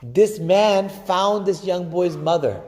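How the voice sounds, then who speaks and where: Male preacher, fervent sermon, fairly high voice, long hall reverb. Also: lively intonation, darkish tone. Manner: impassioned preaching, swelling and slowing for emphasis, chanted Arabic phrases. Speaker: imam giving Friday khutbah.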